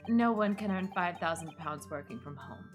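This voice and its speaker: A woman voicing a smug, scheming male French swindler with a put-on French accent, speaking in a theatrical, drawn-out way. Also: on the low side, expressive, faint music behind, pitched below the performer's own voice, close to an everyday voice. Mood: boastful. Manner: theatrical, drawn-out, self-satisfied. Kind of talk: reading game dialogue aloud on stream.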